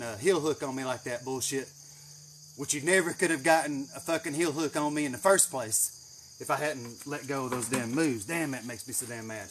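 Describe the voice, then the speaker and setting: A man with a drawl tells a rambling, profane story and throws in swear words freely. His voice sits fairly high for a man. Faint insects chirp behind him in a greenhouse. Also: a little hiss or hum. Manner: profane, animated, swears heavily. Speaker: channel host. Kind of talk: casual storytelling.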